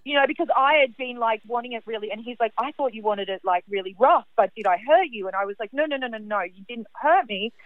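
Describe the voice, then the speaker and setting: A woman caller telling a personal story in an animated, chatty way, heavy on fillers. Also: a little high, fast talker, few pauses, no room sound. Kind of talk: casual storytelling. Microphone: phone. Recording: tinny phone line.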